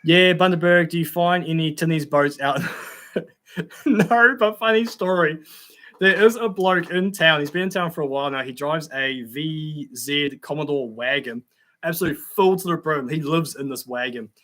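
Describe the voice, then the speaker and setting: A man's voice: a little high, moderate pace, fairly bright tone. A young man hosting a casual livestream, reading out viewer comments in a chatty, laid-back way with frequent ums and laughs.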